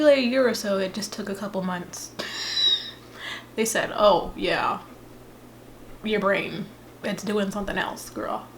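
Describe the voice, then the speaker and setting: A woman's voice: mid-range voice, slight background noise. A young woman in her twenties chatting casually to her viewers in a playful, rambling way. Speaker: vlogger. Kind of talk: casual vlog chat.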